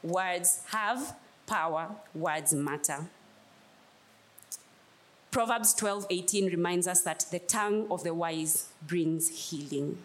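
A woman's voice: lowish voice, takes it slowly. A woman preaching a sermon, telling a personal story in an emphatic way and repeating key phrases.

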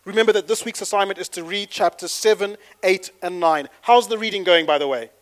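A man preaching to his congregation, playful and chatty, then building to fervent shouting. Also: high-pitched, fairly quick. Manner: playful, leads the congregation in call-and-response. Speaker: pastor. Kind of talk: sermon.

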